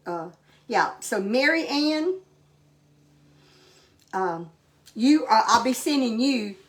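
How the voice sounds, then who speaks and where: Older woman, mid-pitched, homey rambling cooking-vlog host. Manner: homey, rambling with many fillers. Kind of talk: casual cooking vlog chat.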